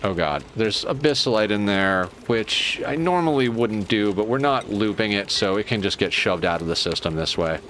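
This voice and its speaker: A man's voice: fairly low pitch, lively intonation, moderate pace, hardly any pauses, fairly bright tone, a little hiss or hum. A man streaming a colony-building game, talking to himself in a casual, muttering way as he plans and fixes things. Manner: muttering to himself while planning. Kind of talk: casual gameplay commentary.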